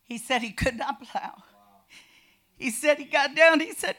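An older woman from California telling her family's faith testimony in a lively storytelling way that swells into shouting. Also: sits high, measured pace. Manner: animated storytelling, bursts into shouting. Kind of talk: personal testimony.

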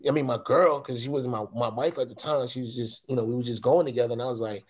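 A middle-aged man telling stories as an interview guest, relaxed and slangy in his phrasing. His voice sits at an everyday middle pitch, and he grows animated when he acts out what other people said. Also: quick pace, slightly rough. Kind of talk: casual storytelling.

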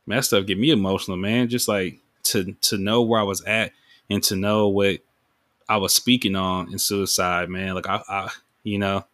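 A man's voice: deep voice, steady tone, moderate pace, a bit bright, no room sound, clean studio sound. A man hosting his own podcast, talking in a rambling, emotional way about his music, with many fillers. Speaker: podcast host and music artist. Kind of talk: casual reflective monologue.

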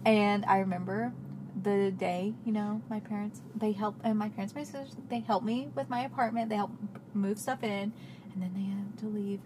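A woman's voice: mid-range voice, fairly even intonation, moderate pace. Easygoing young woman chatting, noisy background. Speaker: podcast co-host. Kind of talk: casual chat. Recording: background noise.

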